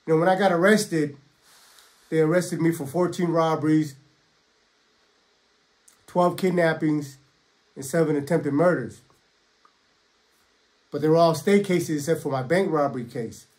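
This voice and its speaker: A middle-aged man telling his own prison story in a casual, blunt, streetwise way, quoting others as he goes and often clearing his throat. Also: fairly high pitch, a little slow, long pauses, a little mellow. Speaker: storyteller recounting prison life. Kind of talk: casual first-person storytelling.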